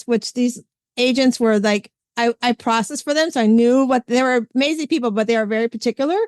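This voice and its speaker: A woman hosting a podcast, chatting casually and retelling stories with lively quoted voices. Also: a little high, fairly quick, no room sound, studio quality. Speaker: podcast host. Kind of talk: casual chat.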